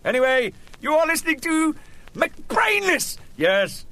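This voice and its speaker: A man's voice: very high-pitched, big pitch swings, measured pace, pushed and bright. A middle-aged man, hosting a comic radio segment in a rambling, joking, self-mocking way. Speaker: host.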